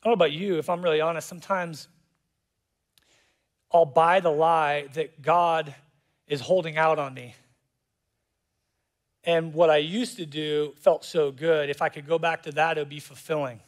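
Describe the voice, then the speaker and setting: A man preaching a sermon as pastor, animated and jokey, acting out voices in quotes. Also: on the high side, normal speed, long pauses. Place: church auditorium.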